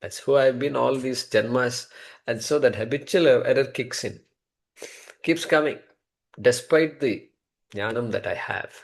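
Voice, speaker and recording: A man's voice: medium pitch, a little slow, gravelly. Man teaching a scripture class. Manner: conversational, repeats key terms, chuckles at own jokes. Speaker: Vedanta teacher.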